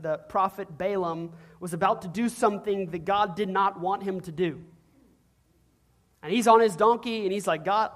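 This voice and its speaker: A pastor preaching a sermon in an animated, humorous storytelling way, acting out little voices along the way. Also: mid-range voice.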